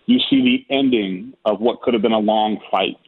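A man with a husky voice, speaking as a guest in a talk discussion, emphatic and earnest. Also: on the low side, normal speed. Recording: tinny phone line.

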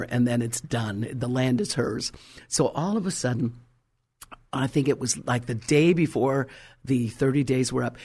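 Woman, preacher, sermon testimony, gravelly, fervent, animated storytelling. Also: rumbling low. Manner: animated, acts out the voices of the people in her story; fervent, exclamatory.

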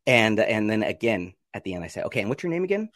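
A man, a podcast guest, telling his story in a casual interview, acting out his own reactions with sudden jumps in pitch and frequent laughs. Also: big pitch swings, fast talker, fairly bright tone, no echo, clean studio sound.

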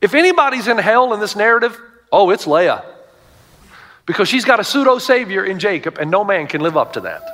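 A man's voice: sits high, very animated, brisk, fairly bright tone. A middle-aged male pastor preaching a sermon to a congregation, telling stories with emphatic asides.

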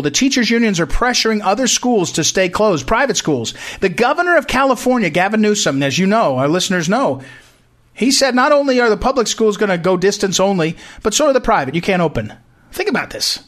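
A man's voice: high-pitched, sing-song, fast, fairly bright tone. A man hosting a talk show, delivering an emphatic political commentary monologue that repeats points and often restarts phrases. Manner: emphatic, repetitive, frequent restarts.

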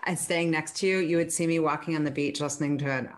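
Low-voiced gushing woman podcast host. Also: steady tone, fast talker. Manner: upbeat, gushing interviewer. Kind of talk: casual interview chat.

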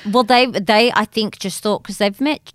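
A woman's voice: mid-range voice, normal speed, no echo. Chatty Australian woman, dry close sound. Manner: chatty storytelling, animated asides. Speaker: podcast co-host. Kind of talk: casual chat.

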